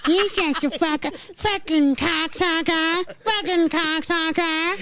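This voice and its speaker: A man's voice: extremely high pitch, fairly even intonation, slow pace, bright, forceful tone, heavily acted. A man voicing a foul-mouthed parrot that squawks phrases back, in podcast banter. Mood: mocking squawk.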